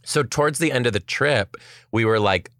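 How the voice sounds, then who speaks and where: A woman's voice: rumbling low, moderate pace, no echo, clean studio sound. A young woman podcast host telling a story in casual chat, acting out what people said and swearing freely. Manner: animated storytelling, acts out quotes, swears.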